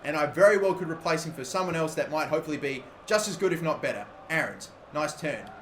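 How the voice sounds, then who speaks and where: A man in his twenties giving excitable live gameplay commentary, swearing freely and breaking into loud frustrated outbursts. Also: on the high side, fast, slight background noise. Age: 20s. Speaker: gaming commentator. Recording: roomy echo.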